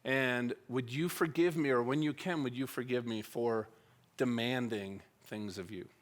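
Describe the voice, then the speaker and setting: A man's voice: medium pitch, measured pace. A middle-aged man speaking at a church, telling a personal story and acting out the conversations in it. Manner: animated, acts out dialogue with wide swings in loudness.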